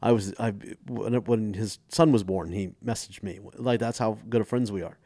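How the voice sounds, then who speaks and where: Low-voiced man telling stories, dry sound. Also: moderate pace, no echo. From United States. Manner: animated storyteller acting out quotes. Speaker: guest comedian. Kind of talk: casual storytelling chat.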